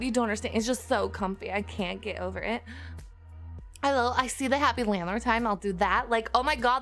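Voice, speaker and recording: A woman streamer putting on a ditzy, gushing Valley Girl voice, her own voice a little rough from just waking up. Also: on the high side, fairly bright tone, close to an everyday voice. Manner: gushing, peppered with "like" and "oh my God". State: slightly rough just-woke-up voice.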